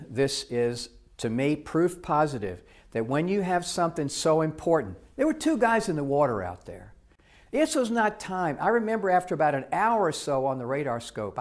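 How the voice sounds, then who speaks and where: Older man, storytelling talk, animated, voices the people in his story, middle pitch. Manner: animated, acts out dialogue in the story. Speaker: speaker.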